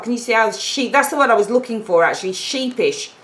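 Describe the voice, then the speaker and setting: A woman's voice: fairly high pitch, lively intonation, brisk, fairly bright tone, poor audio. A woman giving a casual, chatty tarot reading, stressing points by repeating them. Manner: chatty, emphatic, repeats points, acts out little quoted exchanges. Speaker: tarot reader.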